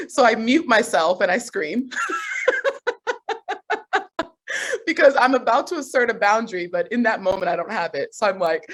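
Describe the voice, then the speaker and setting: A woman coach telling a personal story on a group video call, animated and laughing often. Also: medium pitch, unhurried, long pauses. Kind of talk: motivational group call talk.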